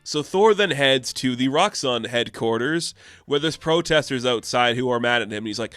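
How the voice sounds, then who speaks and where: Man, casual comic review vlog, excited, rambling, profane, mid pitch, dry sound. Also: normal speed, dry recording.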